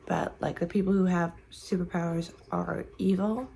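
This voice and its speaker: Female book vlogger, sleepy morning chat, low-ish, heavy vocal fry, meandering delivery with lots of fillers. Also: moderate pace, hardly any pauses, mellow, a little hiss or hum, poor audio. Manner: rambling, searching for words with many fillers. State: sleepy and tired, yawning. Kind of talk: casual morning chat to camera. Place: at home in the morning.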